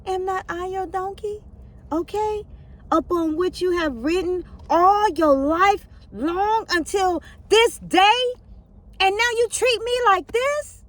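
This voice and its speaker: A woman voicing a mistreated female donkey that pleads with its owner, in a drawn-out dramatized Bible reading. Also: very high voice, voice pushed up. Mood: hurt.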